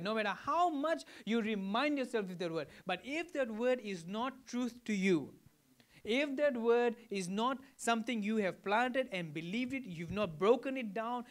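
A man from Fiji preaching a sermon to a congregation, teaching in a conversational way and often checking in with questions. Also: high voice. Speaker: pastor.

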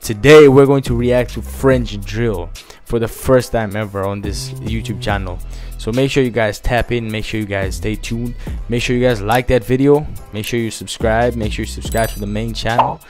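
A young man casually chatting in an energetic, slangy way while reacting to music on his vlog, with a lot of repeated phrases. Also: fairly low pitch, moderate pace, hardly any pauses. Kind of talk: casual hyped-up vlog chat. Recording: faint music behind.

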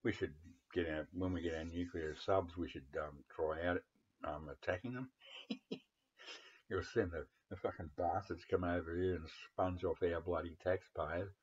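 Australian male vlogger, very low and husky, blunt and rambling, sweary, dull lo-fi sound. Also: fairly even intonation, moderate pace, a little mellow. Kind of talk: casual chat about records.

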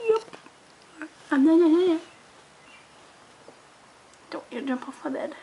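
A woman filming her pet at home, cooing softly and affectionately at it. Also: high voice, very slow, gravelly, pauses often, slight background noise. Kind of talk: casual home video.

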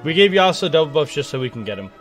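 A young man giving playful, excitable live commentary on his own video game match, trash-talking and hyping himself up. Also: a little high, rapid-fire, soft background music. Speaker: gaming streamer.

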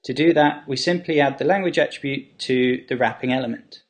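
A man's voice: medium pitch, brisk. Man explaining a web tutorial. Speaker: web developer.

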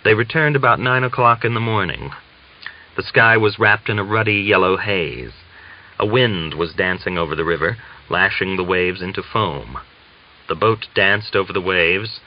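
A man narrating a novel as an audiobook reader, measured and even. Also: sits low. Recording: dull lo-fi audiobook recording.

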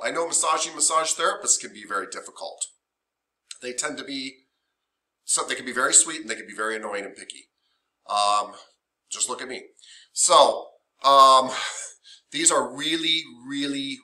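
A man teaching a massage therapy class, chatty and emotional, acting out what clients say. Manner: animated, emotional, chatty with many fillers; acts out quoted clients in higher voices. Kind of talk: classroom lecture.

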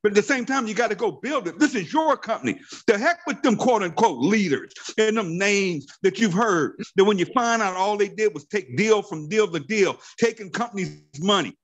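A man in his fifties gives a rousing motivational talk to his sales team. His voice sits high and swings widely up and down. He speaks with fervent, preachy conviction and hammers his points through repetition. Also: expressive, normal speed, hardly any pauses. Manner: fervent, preachy, repeats phrases for emphasis. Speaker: network marketing team leader. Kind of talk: motivational training call talk.

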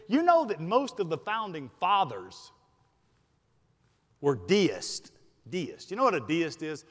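A Southern senior pastor preaches with a high, sing-song voice of fairly bright tone. He emphasizes key words by slowing down on them, then hurries his asides, and the sanctuary's long reverb rings around him.

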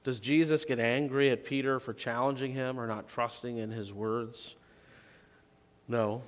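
A man's voice: fairly even intonation, measured pace. Man preaching in a reverberant church. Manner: conversational preaching, rising to emphatic questions and dropping to soft, low phrases. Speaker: pastor. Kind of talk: sermon. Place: church sanctuary. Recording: long reverb of a church sanctuary.

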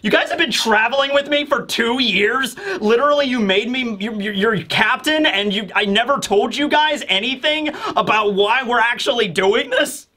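A man's voice: very high voice, moderate pace, hardly any pauses, bright, forceful tone, pitched above the performer's own voice, heavily acted. A man voicing a carefree, cheerful young pirate captain who talks casually and offhandedly. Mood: surprised.

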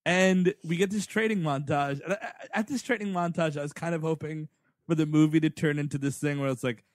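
A man co-hosting a comedy movie podcast, tossing in quick jokey asides. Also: a little high, steady tone, no echo, studio quality. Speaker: podcast co-host. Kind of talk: casual comedic movie-review chat.

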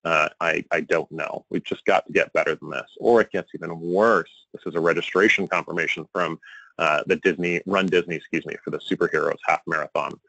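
A man giving a conference presentation, animated and exasperated, with a joking edge. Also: low-pitched, a little fast, creaky, dry recording, dull audio. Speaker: conference speaker on email marketing.

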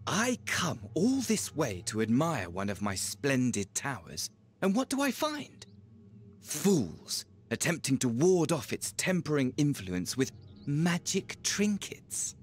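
An actor voicing a theatrical, scornful male villain in a video game, with a husky, sneering delivery. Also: fairly high pitch, huge pitch swings, takes it slowly, full character voice.

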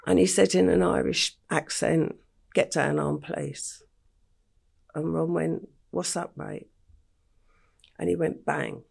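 An older woman from England tells her story in a deeply gravelly, husky voice. She speaks slowly and plainly, laying out events one after another as an interview guest. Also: a little mellow. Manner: slow, matter-of-fact storytelling. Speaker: podcast guest.

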